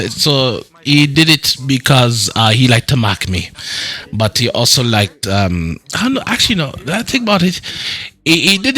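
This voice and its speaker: A man playing a tough young male street vigilante with a Jamaican patois accent, talking haltingly and restarting words. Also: lowish voice, pushed and bright, exaggerated voice. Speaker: roleplay character. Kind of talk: in-character roleplay chat.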